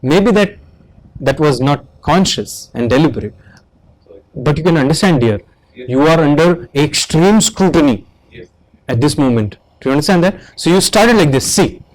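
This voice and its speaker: A man's voice: fairly high pitch, animated, normal speed, rough recording. A man with an Indian English accent giving feedback after a mock interview, instructive and checking often that he is understood. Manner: instructive, repeatedly asks "Do you understand that?".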